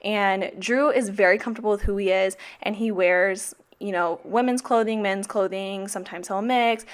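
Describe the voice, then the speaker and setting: A woman's voice: mid-range voice, moderate pace, smooth. A young woman talking through her planner in a casual vlog, blunt and heavily profane. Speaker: teacher vlogger. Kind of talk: casual plan-with-me vlog chat.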